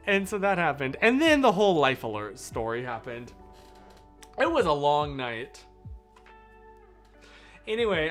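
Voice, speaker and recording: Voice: mid-range voice, a bit bright. A live streamer telling a story in casual, rambling chat, often stopping to correct themself and talk to viewers.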